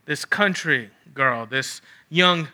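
A man's voice: a little high, takes it slowly, sharp tone. A man preaching a sermon, emphatic and repeating phrases for stress.

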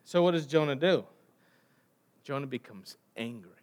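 An American man preaching a sermon, conversational and asking the congregation questions, swinging from loud emphasis to quiet trailing line endings. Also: mid-range voice, moderate pace. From United States. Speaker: pastor.

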